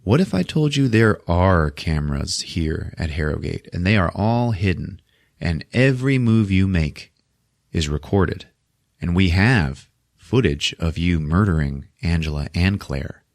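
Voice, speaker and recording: A smooth, condescending asylum doctor, as a man puts him on. He coaxes and soothes in a patronizing tone, with small hesitations, and sometimes drops low and quiet. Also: animated, unhurried, no room sound, studio quality, full character voice. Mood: hypnotic.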